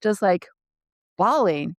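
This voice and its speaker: A woman co-hosting a casual conversation, telling personal stories with lively restarts and laughter. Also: medium pitch, takes it slowly, dry recording, clean studio sound. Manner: animated storyteller, frequent restarts and laughter. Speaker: podcast co-host.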